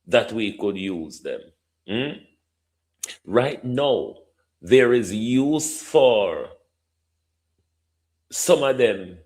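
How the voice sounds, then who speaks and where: A middle-aged Jamaican man giving opinionated commentary, stretching key words for emphasis and ending points with a questioning "hmm?". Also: on the low side. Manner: repeatedly addresses a minister by name, drawn-out emphasis, tag "hmm?". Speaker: political commentator.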